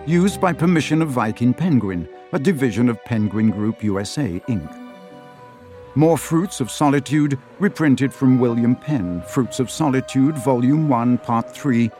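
A man narrating an audiobook in a measured, expressive storytelling manner, recorded close in a studio. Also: mid-range voice. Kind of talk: scripted narration. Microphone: close studio mic.

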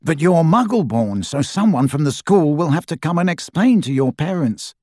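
A brooding, defensive boy who speaks in a low, guarded way, as a man reads him. His inflection moves a lot. The recording is dry and close. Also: big pitch swings, moderate pace, darkish tone, dry recording.

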